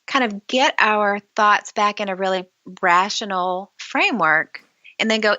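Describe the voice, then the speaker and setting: A woman guest with a bright, forceful tone tells candid stories and acts out the voices of remembered conversations. She speaks as an author in a podcast interview. The recording is dry and somewhat dull. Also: mid-range voice, lively intonation, normal speed, no echo. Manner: candid storyteller, acts out dialogue.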